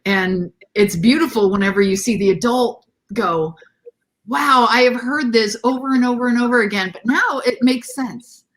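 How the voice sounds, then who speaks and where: Animated woman telling a story. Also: fairly high pitch, normal speed. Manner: animated storyteller who acts out quotes in a lifted voice. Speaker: guest. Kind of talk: casual interview storytelling.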